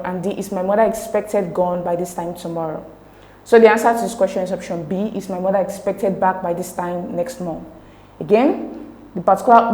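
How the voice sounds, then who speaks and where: A woman tutor talking through exam answers step by step, slow and careful as she spells out sounds and options. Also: on the low side, darkish tone, roomy sound, poor audio. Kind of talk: recorded exam lesson explaining answers.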